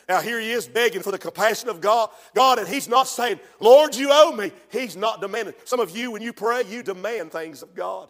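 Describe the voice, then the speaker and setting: An older man preaching a fiery revival sermon, telling stories softly and then building to shouted, chanted praise. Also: high-pitched, a little fast, few pauses.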